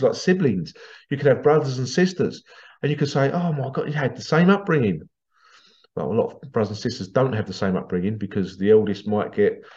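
A man holds forth on his own podcast in an indignant, sarcastic rant, cursing freely as he goes. His voice sits at an ordinary middle pitch. The recording is a bit dull and lo-fi. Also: a little mellow. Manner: ranting, indignant and sarcastic, swears casually. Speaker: podcast host. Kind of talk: opinionated podcast monologue.

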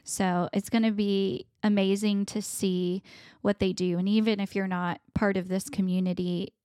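A woman's voice: medium pitch, flat delivery, moderate pace, warm tone, smooth, dry recording, clean studio sound. A woman co-hosting a podcast in casual chat, upbeat and rambling with many fillers. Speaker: podcast co-host.

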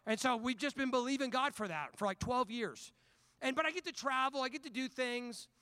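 A male pastor with a very high, bright, forceful voice, preaching in a lively and conversational way. He tells stories as he preaches and moves easily into scripture. The sound is close and dry. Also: fairly quick, no echo. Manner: animated, conversational storyteller. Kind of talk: sermon with personal storytelling.

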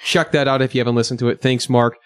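A man's voice: mid-range voice, steady tone, quick pace, smooth, no room sound. Jokey male podcast host, dry sound. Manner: jokey, loose and chatty. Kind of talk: casual podcast chat.

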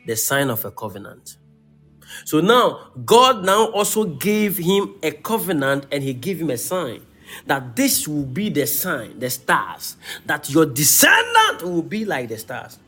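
A man's voice: a little high, a little slow, soft background music. A man preaching a sermon, reading scripture aloud and checking in with his listeners. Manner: animated.

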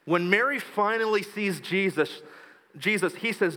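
A male pastor preaching a sermon, retelling scripture scenes in a hushed storytelling voice. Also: high voice, unhurried. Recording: long hall reverb.

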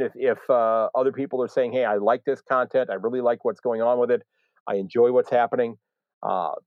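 American guy rambling on his live podcast, mid pitch, lots of ums. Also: dry recording, muffled recording. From United States. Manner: rambling, many fillers and restarts. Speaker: podcast host.

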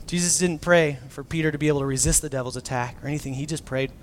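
Man, pastor, casual sermon, animated, raised pitch, drops to near-whisper. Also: brisk, a little hiss or hum. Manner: animated, swings from loud to near-whisper, acts out quotes; casual, joking preaching.

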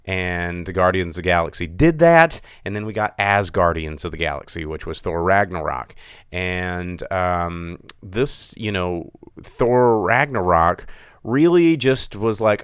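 A man's voice: on the low side, lively intonation, normal speed, fairly bright tone, clear, resonant tone, dry recording, clean studio sound. A man hosting a live podcast, talking casually and sarcastically about movies. He often slips into mocking voices to imitate other people. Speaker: podcast host.

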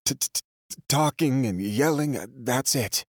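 A man's voice: lively intonation, unhurried, breathy edge, no echo, studio quality. A man doing a frantic, stammering prisoner. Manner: stutters and yells, high and strained.

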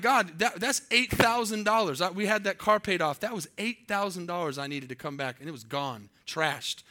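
Bright-voiced, lively male preacher. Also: fairly high pitch. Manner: animated, quizzes the audience. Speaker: pastor. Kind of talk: sermon storytelling.

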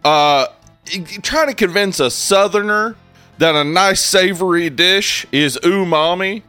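A man's voice: sits high, a little slow, sharp tone, clear, resonant tone, dry recording, faint music behind. A man co-hosting a podcast in casual, joking chat, laughing often and stumbling over restarts. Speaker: podcast co-host.

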